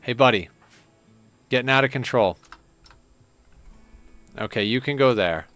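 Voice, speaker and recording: A man's voice: medium pitch, a little slow, faint music behind. A man streaming a strategy game live, chatting casually and breaking off to coo at his cat. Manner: chatty, talks to his cat in soft baby talk. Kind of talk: live gameplay commentary.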